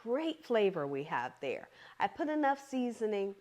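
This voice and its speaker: A woman's voice: medium pitch, big pitch swings, normal speed, darkish tone. A woman hosting her own cooking channel, walking viewers through a home recipe in a chatty, encouraging way and often checking in with "okay?". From American South.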